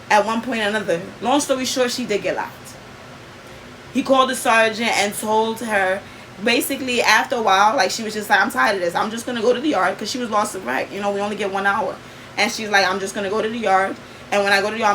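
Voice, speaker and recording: A woman's voice: mid-range voice, fairly bright tone, slight background noise, rough recording. Earnest young woman telling a story. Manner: earnest, emphatic, frequent fillers. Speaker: vlogger. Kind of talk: casual personal storytelling.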